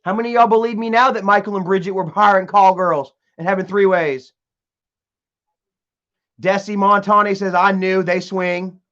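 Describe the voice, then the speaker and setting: Young guy streaming, kinda high voice, rambly, keeps restarting, muffled lo-fi audio. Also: fairly even intonation, moderate pace, a bit bright. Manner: rambling, repetitive, stumbles and restarts, reads out viewer comments. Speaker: live streamer reading chat. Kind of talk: casual live stream chat.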